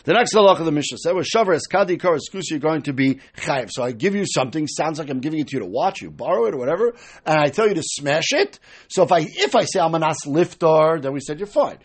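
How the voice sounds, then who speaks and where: Male Talmud lecturer: high, lively voice with a husky edge, walks through each step and acts out the quoted lines. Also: quick pace. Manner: explains step by step, acting out quoted speakers. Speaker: Talmud teacher.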